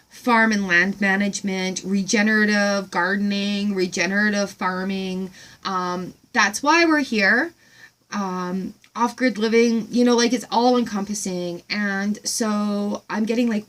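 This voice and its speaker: A woman in a casual gratitude vlog from home, talking in an excited, rambling way with lots of fillers. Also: medium pitch. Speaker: vlogger.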